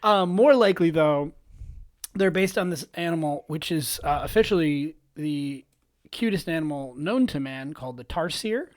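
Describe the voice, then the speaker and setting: A man co-hosting a casual podcast, animated and giggly, often restarting his sentences. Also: fairly high pitch, normal speed, no echo, studio quality. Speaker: podcast co-host. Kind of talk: casual chat.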